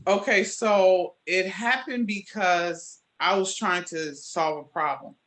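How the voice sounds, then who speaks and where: A woman jewelry maker being interviewed, telling her story in a lively way and acting out the conversations she recalls. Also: fairly low pitch, takes it slowly. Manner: animated storyteller, acts out quoted exchanges.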